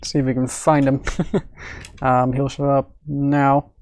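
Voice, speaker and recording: A man's voice: mid-range voice, completely flat delivery, slow pace, a little mellow. A man who animates, chatting casually on a live stream about his work. He rambles, uses many fillers and laughs often. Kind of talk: casual livestream chat.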